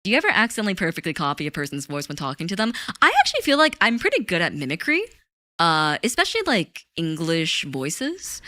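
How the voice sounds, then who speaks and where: A woman's voice: on the low side, huge pitch swings, fast, pushed and bright, dry recording, studio quality. A woman streaming live, chatting casually with her chat, giggly and talkative. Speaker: VTuber streamer.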